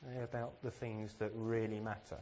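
A man's voice: lowish voice, little pitch movement, a little fast, darkish tone, a little hiss or hum. A man from England giving a sermon, earnest and self-deprecating, with plenty of rhetorical questions. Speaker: preacher.

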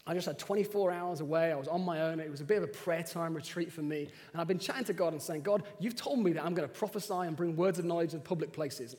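Animated man preaching in a hall. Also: on the high side. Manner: conversational, animated storytelling. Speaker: pastor. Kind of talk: sermon with personal stories. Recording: reverberant hall.

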